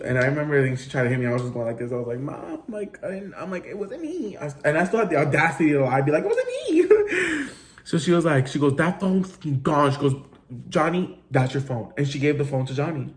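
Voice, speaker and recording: Rambling young man telling a story. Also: medium pitch. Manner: rambling, with many fillers, swearing and Spanish words. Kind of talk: casual storytelling.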